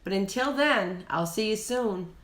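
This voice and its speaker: Slow, gentle woman teaching small kids. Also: medium pitch, expressive. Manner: slow, gentle and encouraging, speaks directly to kids. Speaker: children's show host and teacher. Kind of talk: teaching young children. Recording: roomy echo.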